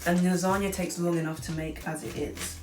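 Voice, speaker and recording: A woman's voice: on the low side, level tone, a little fast. A young woman in her late teens, chatting casually through a cooking vlog in a rambling way, filling her talk with "like". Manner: chatty and rambling, heavy use of "like". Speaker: cooking vlogger. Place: home kitchen, seated at the counter. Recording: echoey room, far from mic, music behind.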